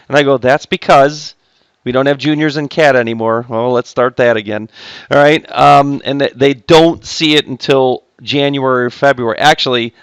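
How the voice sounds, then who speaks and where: A male high school math teacher keeps his recorded classroom lesson chatty, cracking jokes with students between steps. His medium-pitched voice is clear and resonant with a fairly bright tone, and the recording is dry.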